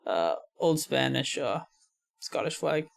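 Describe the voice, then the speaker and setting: A man's voice: mid-range voice, big pitch swings, slow, gravelly. A young American man giving casual, hedging commentary while he watches a video, with frequent light laughs. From United States. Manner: laughs often, many fillers and hedging opinions. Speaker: reaction video host.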